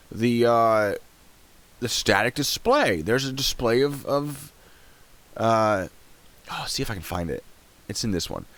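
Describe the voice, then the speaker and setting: A young man with a low voice talks casually through a live stream, reacting to videos and chat. His pitch swings widely, and he laughs often and trails off mid-sentence while he clicks around. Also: a bit bright.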